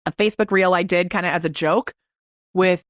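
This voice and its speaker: A woman's voice: fairly low pitch, steady tone, dry recording, clean studio sound. Upbeat woman guest on a podcast. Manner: enthusiastic, quick storytelling. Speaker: guest, video marketing expert. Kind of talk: casual podcast chat.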